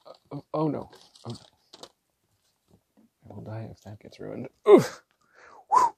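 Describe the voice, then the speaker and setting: A man chatting casually while swatching inks, gushing and excitable, with slangy talk and lots of fillers. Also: lowish voice, unhurried, gravelly, husky. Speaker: ink swatching vlogger.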